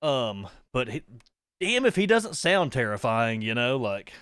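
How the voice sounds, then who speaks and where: A young man streaming a horror game live, talking casually in a middle-pitched voice. He rambles from one aside to the next and breaks into startled yelps and curses. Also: sing-song, unhurried, fairly bright tone, clear, resonant tone, dry recording, studio quality. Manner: chatty and rambling, jumps to startled yelps and swearing. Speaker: gaming streamer. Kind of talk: live horror gameplay commentary.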